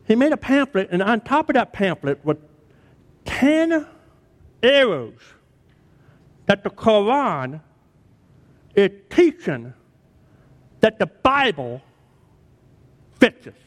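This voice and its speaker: High, lively pastor preaching in a hall. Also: male voice, takes it slowly, long pauses. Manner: dramatic, emphatic preaching with repeated words. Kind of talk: sermon. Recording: long hall reverb.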